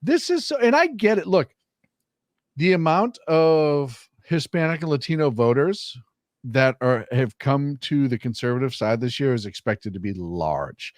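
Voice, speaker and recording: A man's voice: medium pitch, animated, measured pace, dry recording, clean studio sound. A man co-hosting a podcast, giving emphatic, indignant political commentary full of rhetorical questions. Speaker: podcast co-host.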